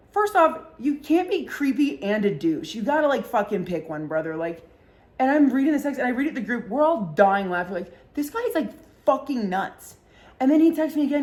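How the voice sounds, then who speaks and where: A woman's voice: medium pitch, a little mellow. Young woman gossiping on her podcast, swears a lot, does mocking voices for people. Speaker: podcast host. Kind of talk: casual storytelling chat.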